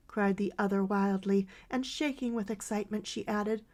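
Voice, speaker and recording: A woman narrating a 19th-century novel as an audiobook in a measured, dramatic storytelling voice. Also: medium pitch, steady tone, a little mellow.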